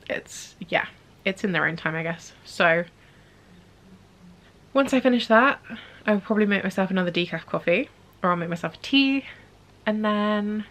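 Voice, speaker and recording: A woman's voice: mid-range voice, a bit bright. A young woman talking casually to camera at home in a rambling daily vlog, full of self-deprecating asides. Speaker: vlogger.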